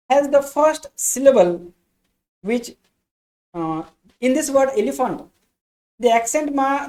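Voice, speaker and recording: A woman giving a lesson, explaining slowly and restating each point. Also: medium pitch, warm tone. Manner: addresses listeners as dear friends. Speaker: English teacher. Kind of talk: classroom lecture.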